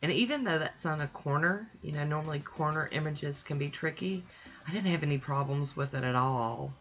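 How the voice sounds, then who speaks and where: A woman's voice: low-pitched, fairly quick, a bit bright. A woman hosting her own nail polish channel, talking through a manicure in a chatty, easygoing voice-over. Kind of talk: casual voice-over tutorial.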